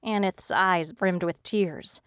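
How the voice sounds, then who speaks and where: A woman narrating a fantasy audiobook in a measured storytelling manner. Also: fairly low pitch, a bit bright, clear, resonant tone, dry recording, studio quality. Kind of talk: scripted narration.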